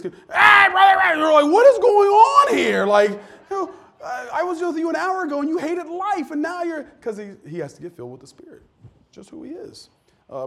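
A man preaching a casual, candid sermon to his church, with frequent restarts and lively asides. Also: high voice. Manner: candid, self-deprecating, animated with many restarts. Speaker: pastor. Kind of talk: conversational sermon. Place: church sanctuary.

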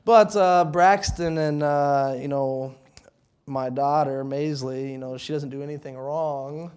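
A middle-aged man preaching a sermon in a church, speaking conversationally and haltingly, with many fillers and restarts. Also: fairly high pitch, steady tone, darkish tone, clear, resonant tone. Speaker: pastor.

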